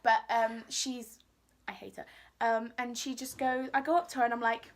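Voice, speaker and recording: High-voiced girl telling a story. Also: normal speed. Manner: animated, acts out what people said. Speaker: vlogger. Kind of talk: casual storytelling.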